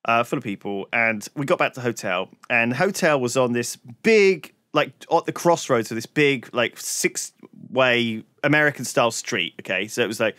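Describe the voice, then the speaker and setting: A man's voice: mid-range voice, expressive, moderate pace, hardly any pauses, a bit bright, no echo, studio quality. A man co-hosting a podcast, telling a long story in casual chat and swearing freely. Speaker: podcast co-host.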